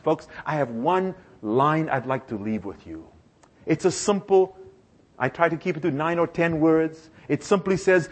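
A male preacher delivering a sermon with animated storytelling and call-and-response repetition. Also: on the high side, normal speed.

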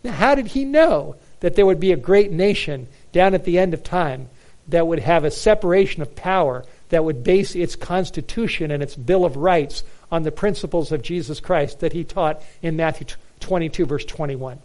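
A man's voice: fairly high pitch, moderate pace, darkish tone. A man preaching a sermon in an earnest, emphatic way, with frequent restarts and fillers. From United States. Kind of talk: sermon on Bible prophecy.

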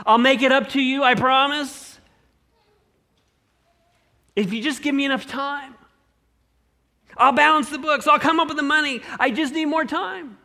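A man's voice: very high voice, steady tone, unhurried, vocal fry, pauses often, bright, forceful tone, voice pushed up, exaggerated voice. A man doing a groveling, pleading servant. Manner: pleading, blubbering, breathless promises. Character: desperate groveling male servant begging for time.

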